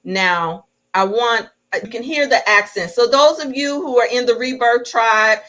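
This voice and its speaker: A woman's voice: a little high, unhurried. A woman hosting a livestreamed interview, praising her guest and talking directly to viewers. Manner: warm encouraging, addresses viewers directly. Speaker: host.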